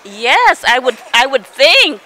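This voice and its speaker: A woman's voice: high-pitched, sing-song, takes it slowly, pushed and bright, rough recording. A woman working as a TV interviewer on location at an airport, upbeat and friendly, laughing often. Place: airport arrivals area.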